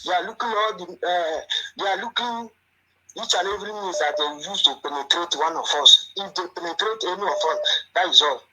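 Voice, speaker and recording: A man's voice: high voice, a little fast, sharp tone, poor audio. A man calling in to a talk show, speaking with impassioned, repetitive emotion. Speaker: caller. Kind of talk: phone-in call.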